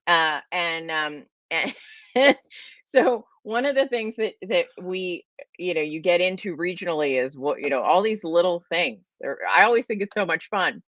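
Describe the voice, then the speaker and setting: This is a chatty, rambling livestream host from California answering viewers' questions, her speech full of "like." Her Californian-accented voice is on the low side, a little nasal and a bit bright, animated but a little slow. The audio is dull, lo-fi and dry, without echo.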